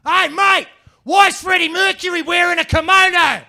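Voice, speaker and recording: A man voicing a blunt, crude Australian bloke with an Australian accent, shouting in a coarse manner. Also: very high voice, steady tone, moderate pace, creaky, a little hiss or hum, voice pushed up, heavily acted. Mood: jeering.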